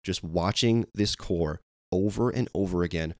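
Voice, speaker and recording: A man with a fairly low voice talks on a casual sports podcast. He sounds exasperated and piles up rhetorical questions. The recording is dry and close, with no room echo. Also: moderate pace, a little mellow. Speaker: podcast co-host.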